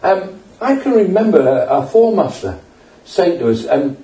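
A man's voice: a little high, big pitch swings, unhurried, mellow. An older man with a humorous, conversational manner, preaching a sermon in a church and putting questions to the congregation. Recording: echoey church hall, mic at a distance.

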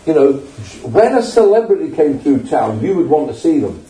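A man's voice: a little high, sing-song, normal speed, warm tone. An older man with a humorous, conversational manner, preaching a sermon in a church and putting questions to the congregation. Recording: echoey church hall, mic at a distance.

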